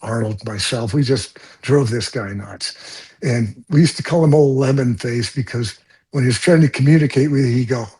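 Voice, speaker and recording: An older man, a stunt coordinator, telling blunt, animated stories from film sets in an interview and swearing freely. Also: medium pitch, moderate pace, breathy edge. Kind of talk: storytelling interview.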